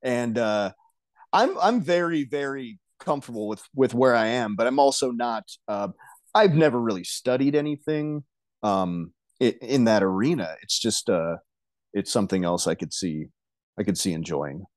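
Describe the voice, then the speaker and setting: A man's voice: medium pitch, expressive, moderate pace, no room sound. Hesitant man in dry close sound. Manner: hesitant, many restarts and soft laughs. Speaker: podcast guest. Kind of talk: casual chat.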